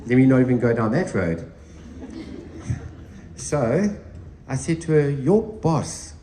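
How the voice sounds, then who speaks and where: A man's voice: medium pitch, lively intonation, takes it slowly, long pauses, mellow, a little hiss or hum. A man presenting on network marketing to his team, telling a story with emphatic delivery and acting out both sides of a conversation. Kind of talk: animated storytelling talk to a team. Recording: roomy recording with faint ambience.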